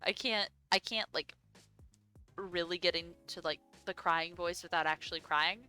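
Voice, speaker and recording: A woman's voice: on the low side, normal speed, pushed and bright, smooth, soft background music. A young woman streaming a game and chatting casually in a giggly, rambling, self-deprecating way. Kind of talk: casual live-stream commentary.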